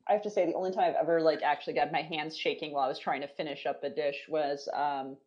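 A woman's voice: sits low, fairly even intonation, fast talker, a little mellow, dull audio. A woman hosting a podcast, chatting casually, laughing often and swearing freely. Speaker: podcast host. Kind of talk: casual chat.

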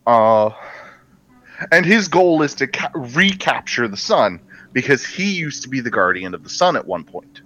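A man's voice: medium pitch, very animated, unhurried, bright, forceful tone, lo-fi sound. A man co-hosting a casual movie podcast, enthusiastically retelling a film's story with rambling restarts. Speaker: podcast co-host.

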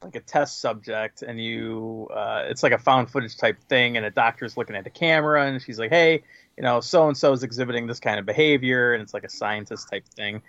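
A man's voice: medium pitch, a little fast, a bit bright, no room sound. Rambling man, dull dry lo-fi sound. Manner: rambling, unprepared, lots of fillers. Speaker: podcast co-host. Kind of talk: casual chat.

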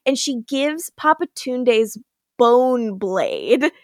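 A woman's voice: on the high side, lively intonation, extremely slow, no room sound, clean studio sound. A woman co-hosting a podcast, recapping a TV episode in casual chat, laughing often and acting out the characters' lines. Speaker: podcast co-host.

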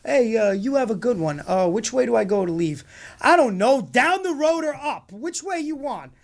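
A man's voice: extremely high pitch, lively intonation, normal speed, vocal fry. A man telling a funny story in casual conversation, acting out both sides of the exchange and laughing often as he talks.

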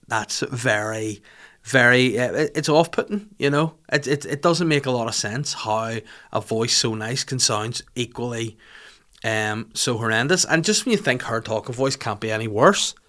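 A man's voice: medium pitch, a bit bright. Rambling, sweary male podcast host. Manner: rambling, sweary, mocking banter. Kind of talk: casual comedic podcast chat.

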